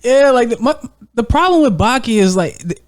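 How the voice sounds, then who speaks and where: Animated, profane man telling stories. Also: extremely high pitch, normal speed, dry recording, studio quality. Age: adult with a young daughter. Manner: animated storytelling, heavy profanity, laughs often. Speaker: podcast co-host. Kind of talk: casual chat.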